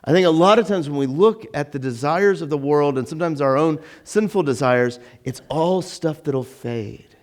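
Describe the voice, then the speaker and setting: A pastor delivering a conversational sermon in church, animated and acting out the lines he quotes. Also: moderate pace, few pauses. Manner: animated, acts out quotes with sudden rises in pitch.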